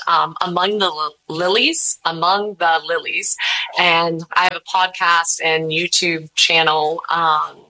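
A woman's voice: on the low side, pushed and bright, rough recording. A woman in her thirties, a podcast host as a guest, telling stories candidly and chattily and acting out the voices she quotes. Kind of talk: candid conversational storytelling.

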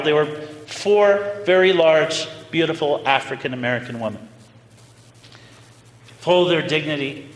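Priest preaching in an echoing hall. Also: male voice, on the high side. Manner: animated, conversational storytelling. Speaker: pastor. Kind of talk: storytelling sermon. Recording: roomy hall reverb, faint noise.

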